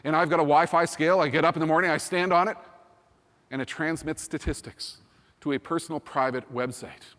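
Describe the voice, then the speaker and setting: A man in his fifties giving a keynote talk, energetic and emphatic, often repeating "think about" and "you know". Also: fairly high pitch, fairly quick. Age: 50s. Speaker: keynote speaker. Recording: long hall reverb.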